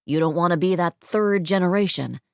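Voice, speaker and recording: A woman's voice: lowish voice, brisk, gravelly, no echo. A woman reading the part of a wealthy, self-assured man who teases in dry, needling banter. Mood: teasing. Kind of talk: audiobook character voice.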